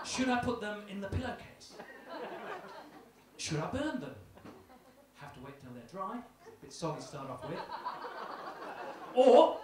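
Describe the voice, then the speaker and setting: A young man doing a hesitant, self-deprecating stand-up set in a small club. His voice sits a little high and comes from a distance in a very echoey room. A live audience is clearly heard. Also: sing-song, a little slow, pauses often, a crowd in the background. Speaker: stand-up comedian. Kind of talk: stand-up routine.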